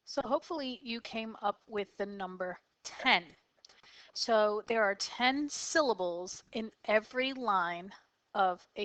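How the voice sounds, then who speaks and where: A woman gives a poetry lesson in a patient, explanatory manner, pausing with small fillers. Her voice is smooth and clear, and she talks at a slow, careful pace. The recording is dry and close, with no room sound. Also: mid-range voice, fairly bright tone, no echo, rough recording. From United States. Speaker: teacher. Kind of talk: classroom lecture on poetry.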